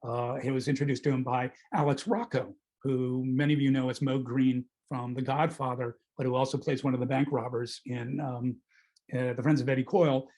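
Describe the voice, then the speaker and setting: A man's voice: medium pitch, little pitch movement, a little fast, warm tone, poor audio. Hesitant, discursive male film critic. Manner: discursive, hesitant, self-correcting. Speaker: film critic leading a film club talk.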